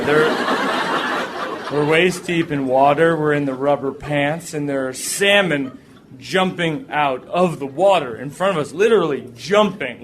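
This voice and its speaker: A man telling a funny personal story to a live audience, animated and jokey, acting out the voices. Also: on the high side, background noise.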